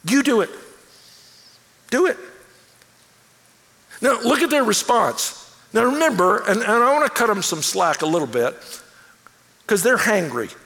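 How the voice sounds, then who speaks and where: A male pastor delivering an animated sermon, acting out quoted lines as he goes. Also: sits high, normal speed, creaky. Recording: long hall reverb.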